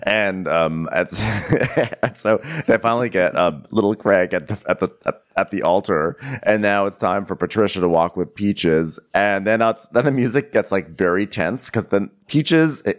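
A man's voice: lowish voice, moderate pace. A man co-hosting a podcast, chatting casually, laughing often and putting on voices as he retells scenes. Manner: giggly, acts out voices of people he retells. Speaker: podcast co-host. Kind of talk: casual chat recapping a reality show.

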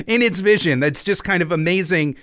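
A man co-hosting a podcast in casual chat, animated, profane and jokey. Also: sits high, fairly quick. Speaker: podcast co-host.

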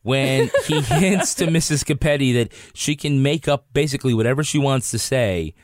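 In a casual podcast chat, a male co-host jokes and laughs often. His voice is mid-range at a normal speed, recorded in studio quality with no room sound.

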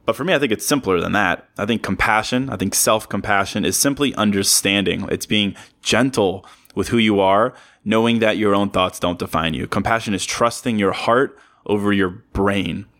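Earnest low-voiced man talking to listeners. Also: moderate pace, a bit bright. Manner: earnest, repetitive, joking asides. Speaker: podcast host. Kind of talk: casual motivational monologue.

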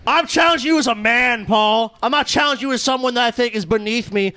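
A man co-hosting a podcast over a video call, talking loudly with profane, mock-formal challenges in casual banter. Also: extremely high pitch, fast talker, clear, resonant tone, dry recording. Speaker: podcast co-host.

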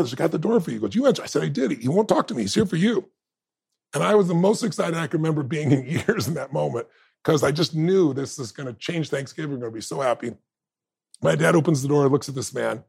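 A middle-aged man, a podcast guest, telling stories in an animated, emphatic way. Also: medium pitch, brisk, vocal fry, breathy edge, no room sound. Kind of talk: storytelling interview talk.

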